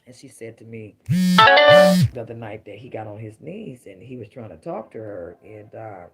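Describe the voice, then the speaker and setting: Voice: mid-range voice, very animated, moderate pace, over loud music. A middle-aged tarot reader giving a casual, emphatic reading to viewers, full of rhyming catchphrases.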